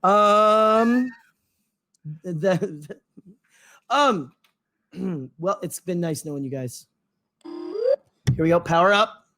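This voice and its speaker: High-voiced rambling man chatting. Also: very slow, pauses often, bright, forceful tone. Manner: rambling, goes off on tangents with many fillers. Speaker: podcast co-host. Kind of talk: casual chat.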